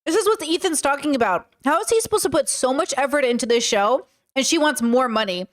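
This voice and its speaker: Brief: talkative woman reacting to a clip, opinionated, voice on the higher side. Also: lively intonation, brisk. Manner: chatty, opinionated, advice-giving. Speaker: reaction commentator. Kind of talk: casual commentary.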